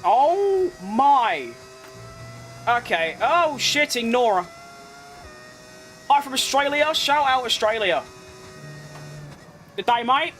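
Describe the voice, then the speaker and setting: A man giving excitable live commentary while playing a racing game, exclaiming at close moments. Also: very high voice, takes it slowly, pauses often, soft background music. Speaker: gaming streamer.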